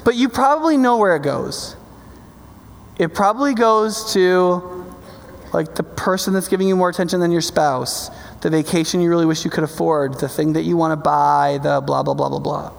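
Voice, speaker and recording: In a large hall with long reverb, a male pastor preaches a sermon conversationally, checking in with his listeners before building to passionate, loud, emphatic climaxes. His voice is on the high side and creaky, at a normal speed.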